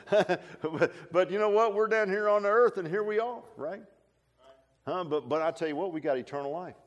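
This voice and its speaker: Folksy older male preacher, animated. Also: sits high, moderate pace, lo-fi sound. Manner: folksy, animated preaching with repeated "huh?" and restarts. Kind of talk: sermon.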